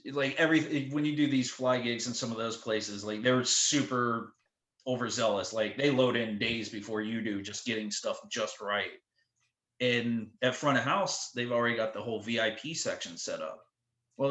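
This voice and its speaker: A man at a middling pitch tells a long road story in a loose, rambling way. He fills it with "like" and acted-out asides, and his voice carries a roomy echo. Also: fairly bright tone. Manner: rambling, full of "like" and quoted asides. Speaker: touring drum tech, guest. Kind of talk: casual storytelling.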